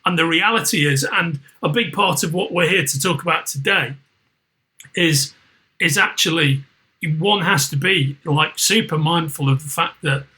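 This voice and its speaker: A man's voice: on the high side, normal speed, pushed and bright, rough recording. A middle-aged man with a Liverpool accent, hosting a casual podcast chat, rambling with many restarts and swearing freely. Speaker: podcast host.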